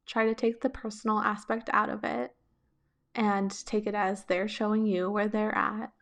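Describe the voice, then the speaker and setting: A woman hosting a podcast, answering listener questions with reflective, gentle relationship coaching and casual filler words. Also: mid-range voice, level tone, moderate pace, gravelly.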